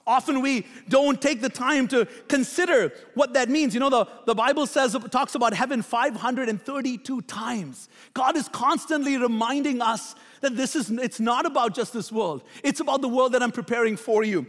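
Brief: young male pastor, very high voice, energetic sermon in a reverberant hall. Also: moderate pace, few pauses. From Middle East. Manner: energetic preaching, rising emphatic questions.

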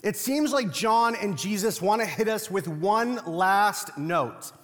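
High-voiced young man preaching in a hall. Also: expressive, slow, fairly bright tone. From Latino family. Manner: conversational, humorous storytelling preacher. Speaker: pastor. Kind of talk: sermon.

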